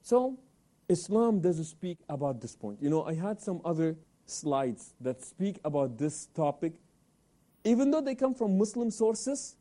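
Lively man hosting a religious talk show. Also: high voice, a little slow. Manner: animated, asks and answers own questions; sprinkles Arabic religious phrases. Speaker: host of Islamic talk program.

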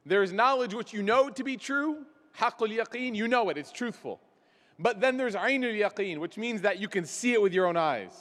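A man's voice: high voice, animated, moderate pace, a bit bright. A man giving a religious talk to a gathering, telling stories with self-deprecating jokes in a large hall. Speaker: speaker. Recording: long hall reverb.

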